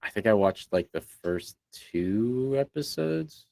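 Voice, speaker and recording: A man's voice: on the low side, lively intonation, slow pace, creaky, a little mellow. A man co-hosting a podcast in easygoing, agreeable casual chat. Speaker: podcast co-host.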